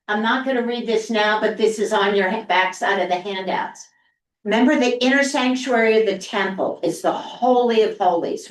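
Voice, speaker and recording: A woman pastor teaching an adult Bible class, chatty and lively, reading scripture aloud with emphasis. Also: medium pitch. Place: church classroom. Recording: roomy, from far off the mic.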